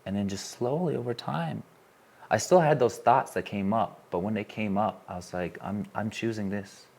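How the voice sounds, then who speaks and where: Here a man runs a live workshop before a small crowd in a room, his voice lowish, gravelly and a little mellow, at moderate pace. He tells a frank personal story with sincerity and questions the attendees.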